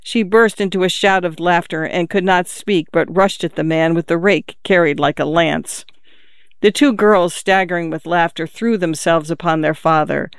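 An audiobook narrator reading a literary novel in a measured, even storytelling manner. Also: medium pitch, clear, resonant tone, no echo, clean studio sound.

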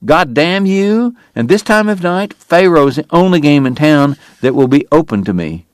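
A man's voice: mid-range voice, unhurried, no room sound, voice pushed up, natural voice. A man voicing a bitter, ailing frontier dentist who speaks in a formal, biting and strained way. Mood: angry. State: sick, coughing.

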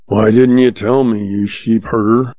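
A man reading a slow-witted, blustering small-town sheriff in a western audiobook. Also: lowish voice, steady tone, warm tone, no room sound, muffled recording. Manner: blustering, then meek. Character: dim, flustered middle-aged male sheriff.

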